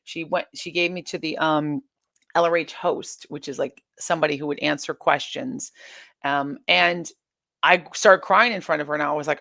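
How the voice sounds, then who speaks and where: A woman guest in an interview, recounting her experiences in an animated way, often restarting sentences and acting out what others said. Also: lowish voice, moderate pace, no room sound, clean studio sound. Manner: animated retelling, many restarts, acts out quoted exchanges. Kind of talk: candid interview storytelling.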